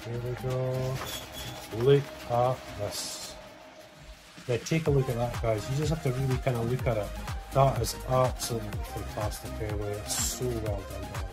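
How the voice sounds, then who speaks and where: A man's voice: mid-range voice, fairly even intonation, moderate pace. A man, a father, chatting casually to his viewers in a family vlog and calling them guys. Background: background music.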